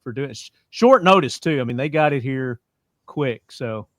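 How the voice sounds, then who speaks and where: A man's voice: mid-range voice, lively intonation, normal speed, a bit bright, dry recording, studio quality. A man hosting a podcast in a casual, upbeat way, thanking sponsors and asking his guests questions. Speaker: podcast host.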